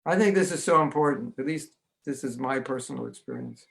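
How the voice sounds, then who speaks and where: An American spiritual teacher leads an online religious class, speaking fairly quickly in a creaky, mid-range voice. His teaching is humorous and full of anecdotes, punctuated by frequent chuckles.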